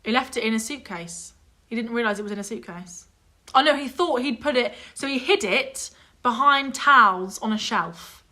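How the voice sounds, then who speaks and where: A young woman telling a story in casual chat, animated and exasperated, swearing freely and mimicking others. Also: a little high, moderate pace. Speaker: vlog guest telling a story.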